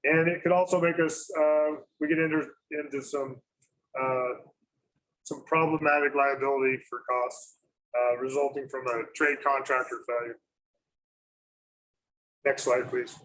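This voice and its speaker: A man's voice: medium pitch, flat delivery, fairly bright tone, poor audio. Man, meeting presenter; hesitant delivery, lots of fillers and restarts, light background hiss. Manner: halting, many fillers and self-corrections. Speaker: school district facilities presenter.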